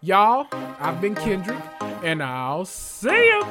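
A male podcast host recapping reality TV in a sassy, animated, gossipy way. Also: high-pitched, takes it slowly, over music. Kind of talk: casual reality TV recap monologue.

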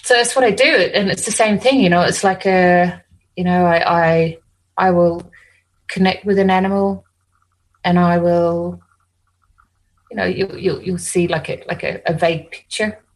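An Australian woman who works as an animal communicator and hypnotist tells stories in relaxed conversation, rambling, frequently restarting, and saying "you know" a lot. Her voice is lowish and steady, her pace measured, and the recording is poor quality.

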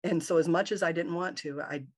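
A woman's voice: lowish voice, fairly quick. A woman guest in an interview, telling a personal story with animation and acting out the dialogue in a raised voice.

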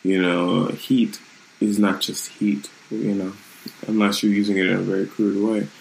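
A man's voice: fairly low pitch, level tone, moderate pace, gravelly, a little hiss or hum, rough recording. A man hosting his own channel, talking in a loose, rambling and reflective way in a casual live-streamed vlog from his room at home.

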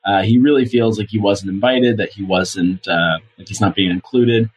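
A man's voice: fairly low pitch, fairly even intonation, moderate pace, a little hiss or hum. A young man co-hosting a casual show rewatch podcast, rambling with lots of fillers and dry self-deprecating asides. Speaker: podcast co-host.

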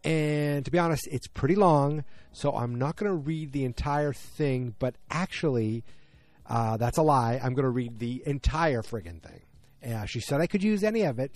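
Male podcast host, mellow tone, rambles, self-deprecating asides. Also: medium pitch, no echo. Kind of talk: casual chat, reading a listener message aloud.

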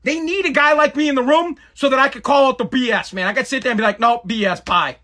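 A man with a high, bright, ringing voice holds forth in a loose, ranting monologue. He tells a story by acting out what people said and drops casual swears along the way. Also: quick pace. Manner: animated, storytelling with acted quotes, swears casually.

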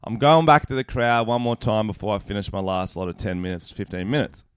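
A young man, a comedian co-hosting a podcast, telling stories in a lively, swearing way with bursts of laughter. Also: on the low side, fairly quick, clean tone, no room sound, clean studio sound. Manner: swearing, animated storytelling with laughs. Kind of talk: casual chat.

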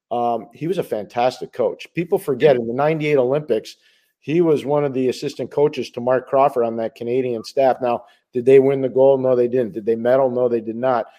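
A middle-aged man co-hosting a hockey podcast, talking in a measured, emphatic way and answering his own rhetorical questions. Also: mid-range voice, steady tone, dark tone. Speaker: hockey analyst co-host. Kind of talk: casual sports talk.

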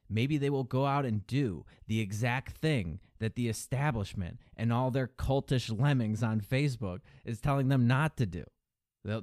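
Delivering a political commentary monologue, this podcast host sneers, swears, and ridicules opponents with a higher-pitched imitation of them. His voice is a little mellow, in studio quality with no room sound.

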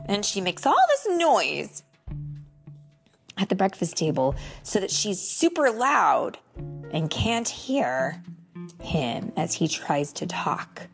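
A young woman reading a picture book aloud to a child, slow and expressive with gentle exclamations. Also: medium pitch, soft background music. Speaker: storybook reader.

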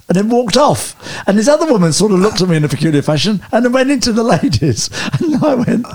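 A man telling lively personal stories as an interview guest, often stumbling and restarting mid-sentence. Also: high-pitched, brisk, husky. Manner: animated anecdotes with hesitant restarts. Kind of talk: storytelling interview chat.

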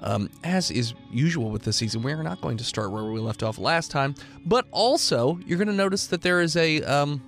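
A male game master whose voice is nasal from the flu. He hosts and narrates the game with playful banter and an animated, lively pitch, filling gaps with ums. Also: moderate pace, gravelly, few pauses, soft background music. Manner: playful banter, explains with fillers. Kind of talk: hosting and narrating a tabletop game.

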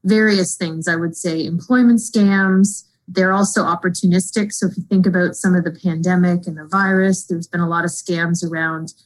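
A woman's voice: fairly low pitch, fairly even intonation, normal speed, hardly any pauses, low-quality recording. A woman answering interview questions fluently and in a businesslike way as a fraud executive.

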